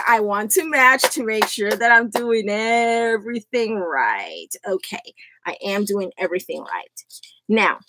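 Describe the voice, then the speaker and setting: Woman host, live craft demo; bright high voice with a lot of swing, unhurried pace, giggly and self-mocking, close desk mic. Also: a little hiss or hum. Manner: chatty, laughs often at herself. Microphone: USB desk microphone.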